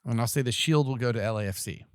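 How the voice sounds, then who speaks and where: A man's voice: medium pitch, fast, smooth, no echo, clean studio sound. A man co-hosting a podcast in casual, playful chat. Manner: playful, joking. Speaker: podcast co-host.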